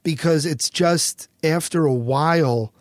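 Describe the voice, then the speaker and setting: A middle-aged American man telling a story as a guest in an interview, animated and quick to act out what others said. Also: on the high side, no echo, studio quality. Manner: animated storyteller, acts out quotes, swears freely.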